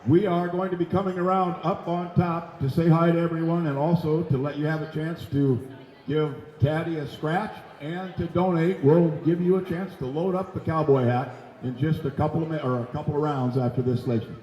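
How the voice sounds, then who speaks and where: Fast-calling auctioneer man in echoey hall. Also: fairly high pitch, level tone, dark tone. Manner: rapid rhythmic bid calling with jokes to the crowd. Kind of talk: live charity auction calling. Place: large event center stage. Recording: echoey hall, dull live broadcast audio.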